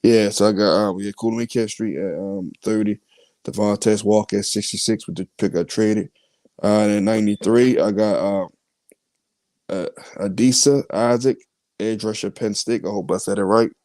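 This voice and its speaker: A man hosting a podcast, reading out his mock draft picks in a casual, halting way with many fillers. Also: fairly low pitch, steady tone, a little mellow, dry recording. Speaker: podcast host.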